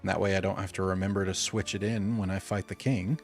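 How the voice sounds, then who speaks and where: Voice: low voice, fairly even intonation, fairly quick, soft background music. A streamer playing a video game, chatting and joking while reading the game's text aloud.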